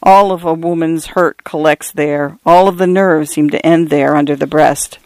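A man reading a literary novel as an audiobook narrator in a measured, even way. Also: fairly high pitch, no room sound.

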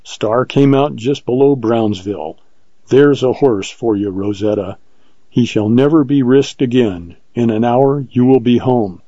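An earnest, bold frontier ranger, voiced by a male narrator, speaks in a measured way. His tone is mellow and dark. The sound is dry and slightly lo-fi. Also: medium pitch, dry recording, lightly acted. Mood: tender.

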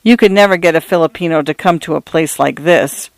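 A man's voice: on the high side, fairly quick, gravelly, no room sound. A man voicing a dry, bleak older parish priest in a read-aloud story. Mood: wry.

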